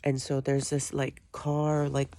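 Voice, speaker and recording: A woman vlogger recounting a story in a rambling, unhurried way. Her voice is gravelly with vocal fry and has a dark, mellow tone. She often restarts her sentences and piles up fillers. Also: rumbling low, monotone. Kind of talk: casual storytelling.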